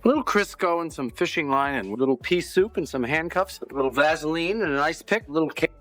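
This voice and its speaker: A man playing a dry-witted fashion designer, reeling off a list in a deadpan way. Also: a little high, quick pace, faint music behind. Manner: deadpan listing.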